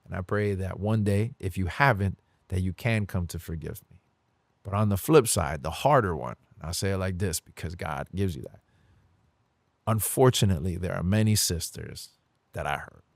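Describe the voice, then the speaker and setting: A man's voice: low voice, lively intonation, normal speed, gravelly, no echo. A man speaking as a podcast guest in a candid faith conversation, earnest and confessional, at times emotional.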